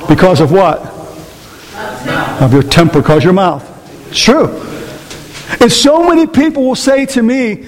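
A man preaching a lively, joking sermon as pastor, firing rhetorical questions at the congregation. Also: high-pitched, measured pace, long pauses. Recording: long reverb of a large hall.

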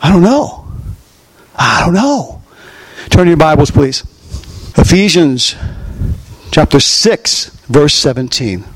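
A man preaching a sermon, animated and questioning his congregation as he acts out scenes. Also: fairly high pitch, slow, long pauses, slight background noise. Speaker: pastor.

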